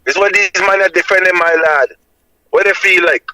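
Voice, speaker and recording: A Jamaican man with a high, bright, forceful voice reasons like a preacher, driving each point home with insistent emphasis. The sound is dry and close, with no room around him. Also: moderate pace, no room sound, poor audio. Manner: emphatic and insistent, repeating "my lad" as a tag.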